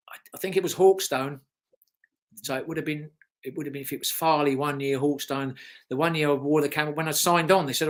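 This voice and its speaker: British man telling rambling racing stories. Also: a little high. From Britain. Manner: rambling anecdotal storytelling. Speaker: guest, former motocross racer. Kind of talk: casual interview.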